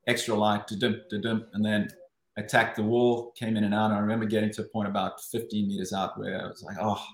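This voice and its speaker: Talking fast in a fairly low voice, a South African former Olympic swimmer recalls his swimming days as an interview guest. He's lively and animated, often restarting sentences and voicing what went through his head, in a roomy, echoey space.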